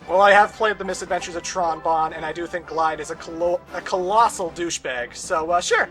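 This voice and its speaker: Young male let's player, high and bright, ranty and sarcastic. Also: brisk, hardly any pauses, soft background music. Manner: sarcastic, ranting asides, swears. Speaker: let's play host. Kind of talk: casual game commentary.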